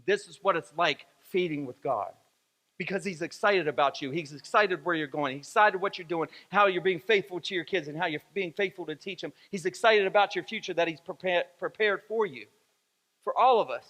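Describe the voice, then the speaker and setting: A man preaching in a church sanctuary, his voice high and bright, carrying a long echo off the hall. He leans on repetition, circling the same phrases again and again for emphasis. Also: a little fast. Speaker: pastor. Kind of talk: sermon.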